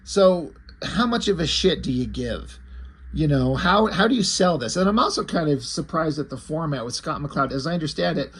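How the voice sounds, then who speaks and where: Man, husky voice, a bit high, rambling casual comic review, lots of fillers. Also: animated, moderate pace. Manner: rambling, conversational, with frequent fillers and restarts.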